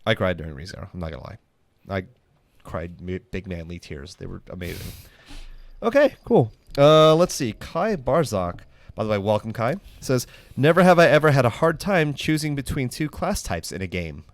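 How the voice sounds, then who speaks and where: A man's voice: on the low side, sing-song, normal speed, no room sound. A young man hosting a casual podcast, telling stories in a rambling way full of fillers and restarts. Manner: rambling, filler-heavy storytelling. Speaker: podcast host. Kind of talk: casual chat.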